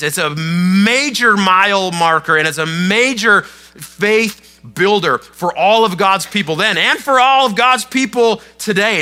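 A man preaching to his congregation in a conversational, animated storytelling way, with casual asides. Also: sits high. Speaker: pastor. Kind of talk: sermon.

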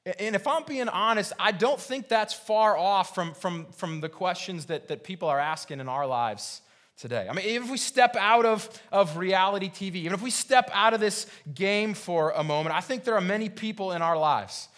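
High-voiced earnest male pastor preaching. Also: moderate pace, a bit bright. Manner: earnest, repetitive rhetorical questioning; frequent restarts and stammered repeats. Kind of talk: sermon.

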